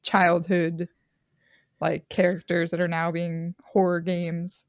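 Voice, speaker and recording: A woman's voice: on the low side, monotone, slow, no room sound, muffled recording. A woman in a casual podcast chat, joking and rambling. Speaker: podcast co-host.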